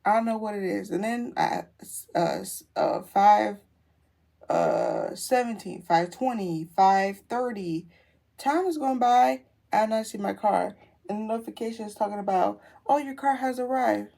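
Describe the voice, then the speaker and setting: Slangy, animated woman storyteller. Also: mid-range voice, measured pace, gravelly. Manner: animated, slangy retelling with quoted voices. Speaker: beauty vlogger. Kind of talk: casual storytelling while doing makeup.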